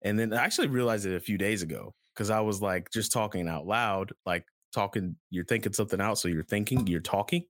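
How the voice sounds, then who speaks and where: Low-voiced man hosting, rambling and playful. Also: brisk, few pauses, dry recording, studio quality. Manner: rambling and playful, jumps between topics. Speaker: podcast host. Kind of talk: casual chat.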